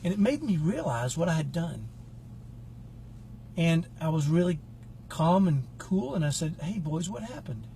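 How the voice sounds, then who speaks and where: Middle-aged man, earnest and reflective, casual talk to camera, slightly high pitch, faint background noise. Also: lively intonation, measured pace, creaky, long pauses, warm tone. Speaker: parenting coach.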